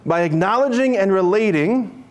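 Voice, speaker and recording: A man preaching a lively sermon, playful and animated, acting out characters in his stories. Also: high voice, normal speed.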